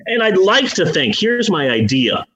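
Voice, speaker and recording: A man with a high-pitched voice talks in a casual podcast chat. He rants with exasperation, swearing freely as he picks things apart. His delivery is loose and conversational. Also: big pitch swings, moderate pace, pushed and bright, muffled recording. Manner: exasperated profane ranting. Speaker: podcast co-host.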